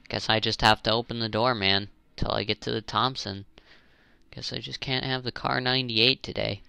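A young man giving casual, rambling commentary while playing a zombie game, jokey and prone to exasperated high-pitched questions. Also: flat delivery, moderate pace, creaky, sharp tone, smooth, dry recording. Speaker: gaming channel host.

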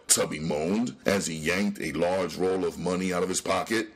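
A man narrating a crime novel as an audiobook in a dramatic, lively storytelling manner. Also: deep voice, moderate pace, few pauses. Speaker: audiobook reader.

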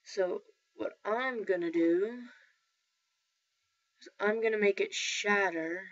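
A woman talking through a software tutorial in a rambling, casual way, often correcting herself. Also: medium pitch, takes it slowly. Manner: rambling, self-correcting, filler-heavy. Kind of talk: casual screen-recorded tutorial. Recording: dull lo-fi mic with faint noise.

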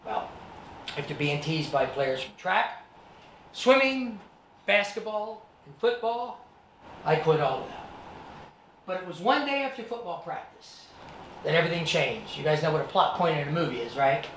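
A man's voice: fairly high pitch, moderate pace, long pauses, slight background noise. A man giving a motivational talk to students, telling his life story and acting out scenes. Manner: animated, acts out scenes. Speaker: guest speaker. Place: presentation room with students. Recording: echoey room, mic at a distance.

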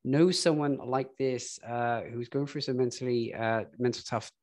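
A man with an Australian accent hosting an interview, asking his questions in a halting way with many fillers. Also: mid-range voice, fairly even intonation, a little mellow. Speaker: podcast host, interviewer.

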